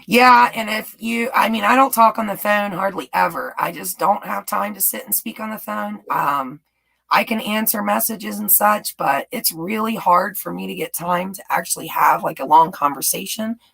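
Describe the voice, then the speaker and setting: Woman streamer, light Southern US lilt, raspy with vocal fry, gushes and laughs a lot. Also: mid-range voice, moderate pace, a bit bright, poor audio. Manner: chatty, gushing, laughs often. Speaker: YouTube live-stream host. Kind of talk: casual live-stream chat answering viewers. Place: home in Texas.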